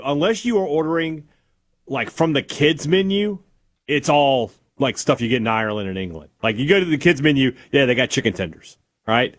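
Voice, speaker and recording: Lively enthusiastic male radio co-host. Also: mid-range voice. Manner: enthusiastic, teasing storyteller. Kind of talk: casual sports talk chat.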